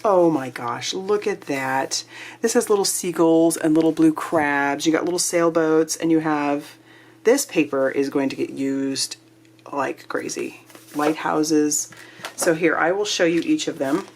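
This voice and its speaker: A woman hosting a craft kit unboxing, gushing and excitable, sometimes dropping to a breathy whisper. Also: deep voice, a little slow. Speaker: crafting channel host. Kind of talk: casual unboxing chat.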